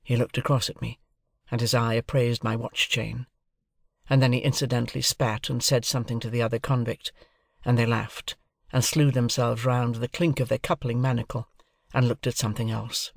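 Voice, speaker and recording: A man reading a classic novel as audiobook narration, in a measured, deliberate manner. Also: medium pitch, flat delivery, vocal fry, dry recording, clean studio sound.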